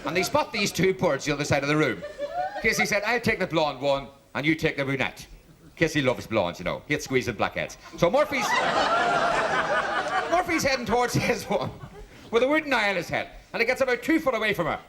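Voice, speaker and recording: A man's voice: on the high side, brisk, a crowd in the background. A man telling jokes on stage as a stand-up comedian, acting out each character in his stories. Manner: punchy storyteller, animated quoting of characters. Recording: 1970s TV stage recording with audience laughter and hiss.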